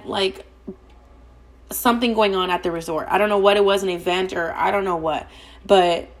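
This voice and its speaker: Rapid, gossipy young woman podcaster. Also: medium pitch. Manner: rapid, profane, gossipy, heavy use of "like". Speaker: podcast host. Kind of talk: casual storytelling.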